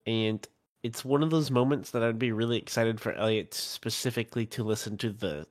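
A man's voice: mid-range voice, fairly quick. A man co-hosting a podcast, amused and rambling, often stopping to correct himself in a casual book discussion. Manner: amused, rambling, self-interrupting. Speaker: podcast co-host.

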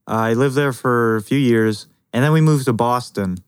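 A man from Canada, a podcast guest, talking in a dry, wry, measured way. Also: medium pitch, clean tone, dry recording. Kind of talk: casual chat.

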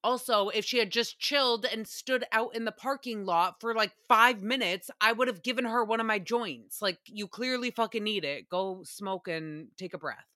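Woman podcast host, bright sharp voice, dry close sound, swears a lot, chatty. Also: mid-range voice, no echo. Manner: animated, profane storytelling. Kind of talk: casual podcast monologue.

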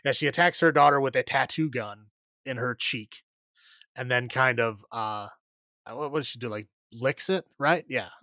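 A man recaps a film for a podcast in a loose, rambling way, laughing often and filling pauses with fillers. His pitch sits mid-range, and the close, dry mic gives no room sound. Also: pushed and bright, no echo. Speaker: podcast co-host. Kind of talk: casual movie recap chat.

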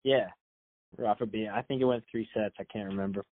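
A man co-hosting a podcast in casual chat, excitable and saying "dude" a lot. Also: lowish voice, brisk, no echo. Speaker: podcast co-host. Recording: dry, tinny phone-like sound.

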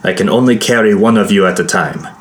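A man's voice: fairly low pitch, quick pace, soft background music, pitched above the performer's own voice, lightly acted. A man voicing a polite, modest winged man who answers drily in a fantasy audiobook. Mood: dry.

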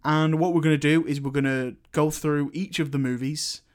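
A young man co-hosting a casual film podcast, talking in a rambling, halting way full of fillers. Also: a little high, steady tone. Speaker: podcast co-host.

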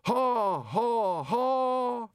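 Man putting on a jolly gatekeeper, high sing-song calls, slow and drawn out. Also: big pitch swings, clear, resonant tone, dry recording, studio quality, full character voice. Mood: cheery. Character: cheerful male gatekeeper in a bowler hat.

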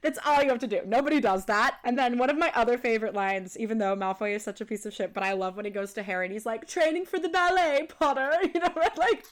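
A young woman co-hosting a podcast in casual chat, giggly and animated, often quoting characters in playful voices. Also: mid-range voice, fast, hardly any pauses. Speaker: podcast co-host.

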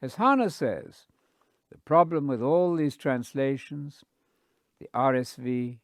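Male Bible teacher, measured scholarly delivery, unhurried, very dry close sound. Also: medium pitch, a little mellow, dry recording. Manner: deliberate, quotes sources carefully.

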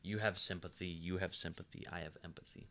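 A man's voice: sits low, fairly even intonation, fast talker, sharp tone, dry recording. A man co-hosting a podcast in casual chat. He is laid-back and mostly chimes in with short remarks.

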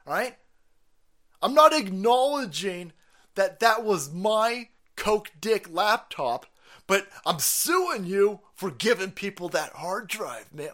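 Loud crude animated male streamer. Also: high voice, slow pace. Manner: crude, mocking, laughs often. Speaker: podcast host. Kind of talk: profane comedic political rant.

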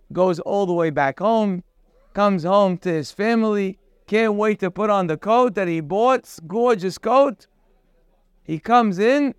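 Guy teaching a torah class, slow and smooth, tells a parable and acts out all the talking. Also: high voice, no echo, studio quality. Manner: animated storyteller acting out dialogue. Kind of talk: storytelling lesson with a parable.

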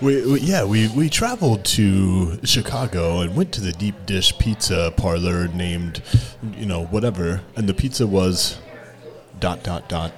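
Deep-voiced man with dry humor. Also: expressive, measured pace. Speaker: podcast co-host. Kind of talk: casual chat.

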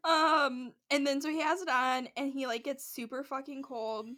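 Woman, podcast co-host, casual chat, slightly high pitch, chatty, filler-heavy. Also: fairly even intonation, moderate pace, bright, forceful tone. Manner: chatty, heavy use of "like", acts out quotes. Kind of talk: casual chat recapping a show.

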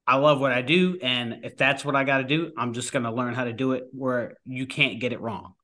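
A firefighter talks casually as a podcast guest and rambles through his points with restarts. His voice is bright and forward, at a middle pitch. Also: steady tone, fairly quick. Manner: rambling, many fillers and restarts. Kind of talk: casual conversation.

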